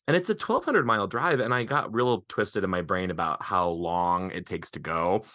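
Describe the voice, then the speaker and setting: A man from Eastern Montana, a podcast guest and author, chatting casually and animatedly, laughing often and talking in quick bursts. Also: deep voice, lively intonation, pushed and bright, dry recording, studio quality.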